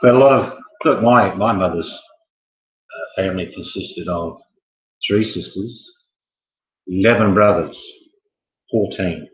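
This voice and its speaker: A man's voice: sits low, takes it slowly, pauses often. A man hosting a casual quiz, joking and wandering off into chatty asides. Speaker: quiz host. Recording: echoey, muffled room sound.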